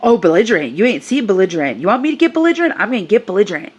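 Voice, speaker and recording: A woman voicing a loud, belligerent older woman who shouts and mocks in a store. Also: sing-song, unhurried, creaky, highs cut off, full character voice. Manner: shrill, yelling, mocking.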